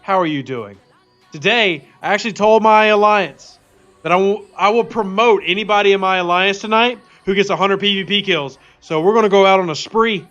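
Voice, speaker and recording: Upbeat male streamer, fairly high voice, chatty with viewers; slightly dull audio, faint music under. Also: a little fast, a bit bright. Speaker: game streamer. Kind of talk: casual live-stream chat.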